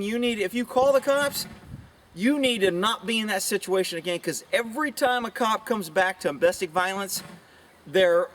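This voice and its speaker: A middle-aged man who is a police officer, talking bluntly and opinionatedly to camera outdoors, with rambling asides. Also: fairly bright tone. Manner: puts on high mocking voices for quoted women. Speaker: police officer sharing views. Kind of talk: casual monologue to camera. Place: outdoors with chickens nearby. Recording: voice somewhat far from mic.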